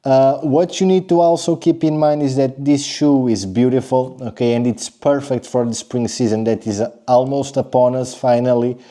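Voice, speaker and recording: A young man casually reviewing sneakers, talking straight to his viewers and tagging his points with a quick "okay?". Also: medium pitch, fairly even intonation, warm tone. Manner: chatty, direct address with frequent "okay?" and restarts.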